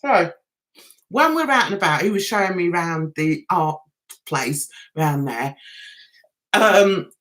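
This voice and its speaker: A woman's voice: lowish voice, animated, takes it slowly, pauses often, a bit bright. A middle-aged woman hosting a casual livestream, telling a story in a chatty way and laughing often. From England. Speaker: livestream host.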